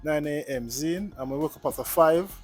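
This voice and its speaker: A man's voice: on the high side, moderate pace, a little mellow, breathy edge, faint music behind. A man with a Jamaican accent talking casually to his viewers in a vlog, earnest and repetitive, mixing in patois. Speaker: vlogger.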